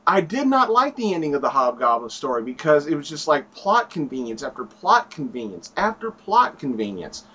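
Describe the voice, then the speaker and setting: Man, casual comic book chat, rambling, slightly high voice. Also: very animated, moderate pace, few pauses, pushed and bright, breathy edge. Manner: rambling, acts out quotes. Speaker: comic book video reviewer.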